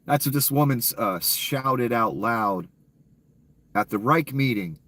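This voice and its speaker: A man's voice: medium pitch, animated, slow pace, fairly bright tone. A man with a cold ranting sarcastically and profanely as a YouTube commentator, in a casual off-the-cuff style. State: ill, coughing.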